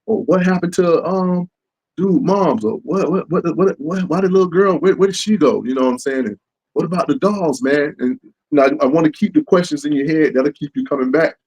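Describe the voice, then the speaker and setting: A man's voice: a little high, a little fast, low-quality recording. A man, a comic book creator talking in a casual interview and acting out what fans say to him. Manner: animated, acts out fans' lines.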